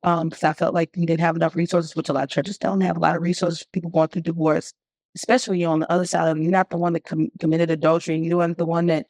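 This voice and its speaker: A middle-aged woman, a guest singer, talking candidly and telling her story with animated, emphatic bursts. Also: lowish voice, racing, dry recording. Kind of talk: candid conversation.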